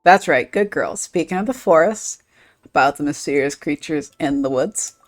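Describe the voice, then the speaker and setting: A woman voicing a calm adult traveler who questions the children, reading game dialogue aloud. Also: low voice, normal speed, faint music behind.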